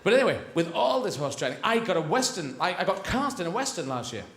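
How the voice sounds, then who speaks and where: Rambling stand-up comedian, theatre echo. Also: male voice, sits high, very animated, a bit bright. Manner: rambling, quick associative asides. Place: large theatre stage. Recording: echoey theatre, faint noise.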